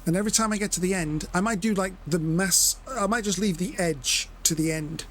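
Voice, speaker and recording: A man's voice: sits high, fairly quick, a little hiss or hum. A man giving chatty live commentary as he plays and explains his method step by step. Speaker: streamer.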